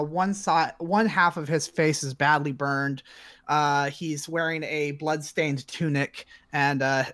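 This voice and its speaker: A man's voice: on the high side, a bit bright. Hesitant male dungeon master. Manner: hesitant, constant filler sounds. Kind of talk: narrating a tabletop game.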